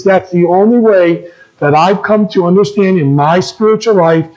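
A man's voice: high-pitched, normal speed, a little mellow, muffled recording. A man preaching a sermon as a pastor, asking the congregation questions and repeating his key phrases.

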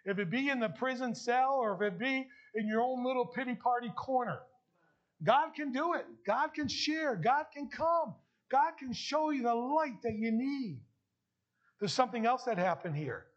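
A man preaching a sermon as pastor, emphatic and rising to loud bursts. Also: very high-pitched, animated, normal speed. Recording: dull lo-fi sound.

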